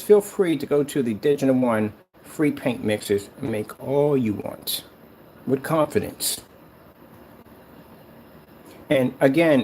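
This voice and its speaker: A man's voice: a little high, a little mellow, a little hiss or hum. A man who makes screen paint, delivering a sarcastic, rambling online rant that taunts a rival.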